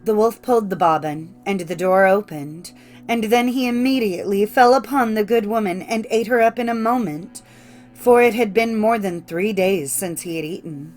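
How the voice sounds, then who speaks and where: Woman narrator, measured and clear, mid pitch, faint music behind. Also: a little mellow. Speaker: audiobook narrator. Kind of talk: scripted storybook narration.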